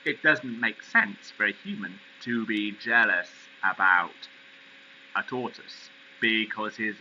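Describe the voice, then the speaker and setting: Bright, slow-speaking male teacher. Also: fairly low pitch, lo-fi sound, a little hiss or hum. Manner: expressive, lively reading. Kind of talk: reading a story aloud and explaining vocabulary.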